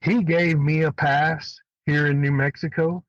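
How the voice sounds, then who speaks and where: A man telling a hunting story in a casual, animated way, swearing freely. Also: fairly high pitch, unhurried, dry recording, lo-fi sound. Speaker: guest elk hunter.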